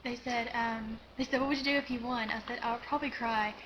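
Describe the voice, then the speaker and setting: A teenage girl chatting casually on a home video, excited and rambling, with lots of giggles and "like"s. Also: a little high, fast, highs cut off, a little hiss or hum. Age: teens. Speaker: vlogger. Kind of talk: casual storytelling chat.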